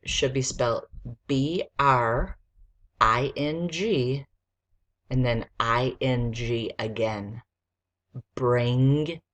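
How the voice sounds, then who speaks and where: With an extremely low pitch and a fairly bright tone, a woman teacher dictates a recorded spelling lesson for young children. She goes slowly, sounding out the letters individually.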